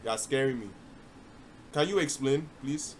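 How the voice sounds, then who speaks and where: A man's voice: mid-range voice, moderate pace, a little hiss or hum. A young man from New York, a livestreamer teasing strangers on a video chat app with mocking, playful jabs. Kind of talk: prank video chat banter.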